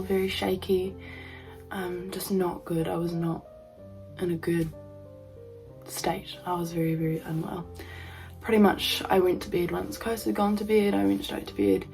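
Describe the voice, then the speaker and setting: A young woman vlogging to camera, telling a personal story in a halting way full of ums and likes. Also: medium pitch, a little mellow, faint music behind, rough recording.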